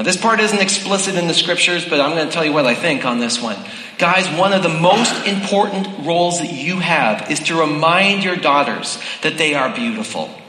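A man's voice: high-pitched, sharp tone. A man preaching a sermon, speaking directly to the congregation in a large hall. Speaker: pastor. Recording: echoey hall with long reverb.

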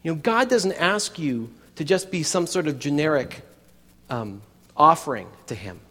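A man's voice: a little high, lively intonation, normal speed, a bit bright, big-room sound. A man preaching a sermon in a chatty way, with many restarts and asides to the congregation. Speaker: pastor.

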